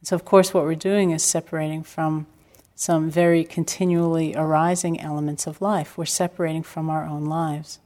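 Older female meditation teacher, low pitch, unhurried reflective talk with gentle humor. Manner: calm, reflective storytelling with gentle self-deprecating humor. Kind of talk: dharma talk. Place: retreat center hall.

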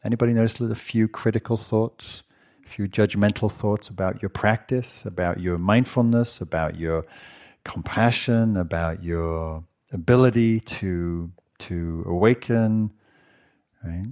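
A man, a meditation teacher, giving a gentle, conversational dharma talk to a retreat audience and asking them questions. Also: lowish voice, measured pace. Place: meditation hall.

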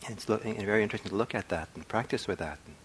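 Soft-spoken man with a low voice. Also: very fast, a little hiss or hum. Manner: soft-spoken, reflective, with frequent ums and restarts. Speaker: meditation teacher. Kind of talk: dharma talk. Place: meditation hall.

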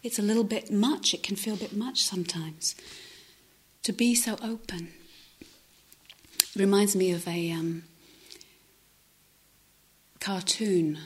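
A woman giving a reflective meditation talk, speaking softly and haltingly, often dropping to a near-whisper. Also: mid-range voice, fairly even intonation, husky. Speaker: meditation teacher.

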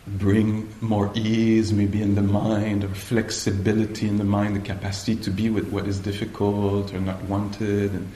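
A man giving a dharma talk at a meditation retreat, slow and hesitant, often pausing to search for the right words. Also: lowish voice, completely flat delivery, warm tone, a little hiss or hum. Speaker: meditation teacher. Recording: echoey room, faint ambience.

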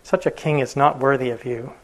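A man voicing a gentle, devoted male elephant keeper in a told story, speaking softly and tenderly. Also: medium pitch, steady tone, a little fast, close to an everyday voice, low-quality recording. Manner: soft, tender address.

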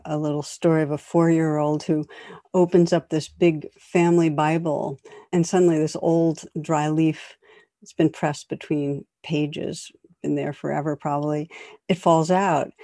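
A woman giving a dharma talk as a meditation teacher, gentle and conversational with light humor. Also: low voice, dry recording, studio quality.

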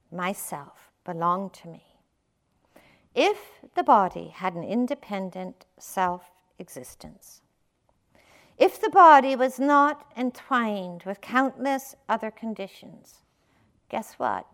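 Playful, conversational woman meditation teacher. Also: mid-range voice. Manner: conversational, many fillers, playful with laughs. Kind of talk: dharma talk.

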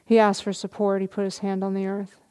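A middle-aged woman, a meditation teacher, giving a dharma talk at a retreat, telling a story gently with soft laughs. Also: mid-range voice, monotone, fairly quick, clear, resonant tone.

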